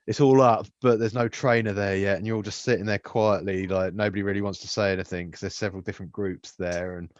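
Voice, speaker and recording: A young man co-hosting a podcast, telling stories with lots of swearing and animated voices. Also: lowish voice, fast talker, hardly any pauses, no room sound, muffled recording. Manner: swears a lot, animated storytelling. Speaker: podcast co-host. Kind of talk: casual chat.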